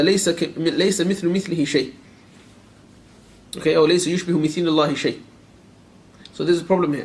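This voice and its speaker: A man teaching a lecture class on a creed text. He questions his students directly, repeats phrases for emphasis and recites Arabic verses quickly. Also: fairly high pitch. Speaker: Islamic teacher.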